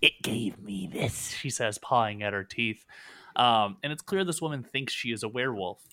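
A man's voice: mid-range voice, pushed and bright. A man narrating a tabletop role-playing game as game master, with frequent "uh" fillers. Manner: unhurried, with fillers like uh.

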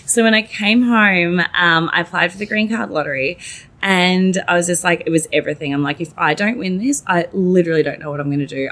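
A guest in a relaxed chat, a woman with a fairly low voice tells a long personal story at a fairly quick pace, peppering it with "like" and casual swearing. She's animated, acting out her own lines and everyone else's in lively voices.

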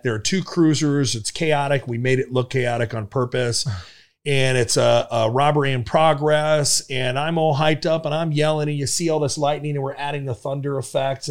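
A middle-aged man from Nebraska tells stories as a guest in a podcast interview. He is an animated storyteller, and his voice sits a bit high for a man. He swears casually as he recounts old skits. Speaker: guest, former police officer.

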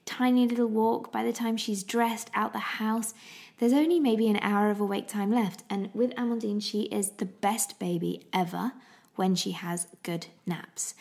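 A woman's voice: mid-range voice, gravelly, darkish tone. A woman in her thirties chatting casually to camera about travelling with her baby, rambling and laughing often. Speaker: parenting vlogger. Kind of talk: casual chat.

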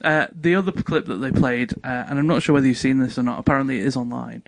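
A man's voice: mid-range voice, fast talker, creaky, no echo. A man, telling funny stories in casual chat and laughing often. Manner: animated storytelling with frequent laughter.

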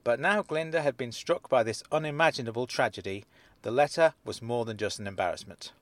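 Deadpan man narrating. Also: medium pitch, brisk, no room sound. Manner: deadpan, self-deprecating. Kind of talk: first-person audiobook narration.

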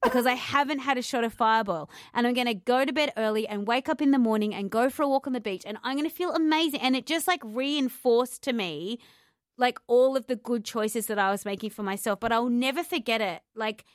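A woman with a fairly high voice tells stories in a casual podcast chat. She acts out the other people in her stories. The recording is dry and close, with no room sound. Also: fairly quick, dry recording. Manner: lively storyteller who acts out quotes and laughs.

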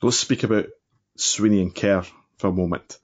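A man's voice: on the low side, normal speed. A Scottish man co-hosting a football podcast, teasing and chuckling through casual banter. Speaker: podcast co-host.

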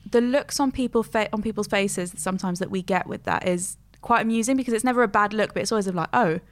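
A woman from Switzerland, chatting casually in a relaxed, measured way. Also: mid-range voice. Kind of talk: casual chat.

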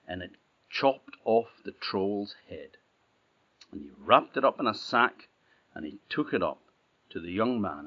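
A middle-aged man with an Orkney Scots accent telling a folktale in a relaxed, plain-spoken way. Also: fairly low pitch. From Orkney, Scotland. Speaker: storyteller. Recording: dull, slightly muffled audio.

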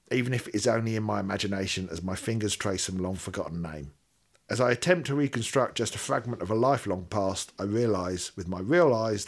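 A man reads a listener's letter on a podcast, in a fairly low voice. He keeps a steady reading pace and drops in dry little asides of his own. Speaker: podcast co-host.

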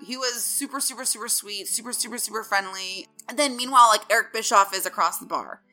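A woman in casual chat telling an animated story fast, full of "like" and quick asides. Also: medium pitch, faint music behind. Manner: fast, animated, lots of fillers like "like". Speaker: entertainment interviewer telling a story.

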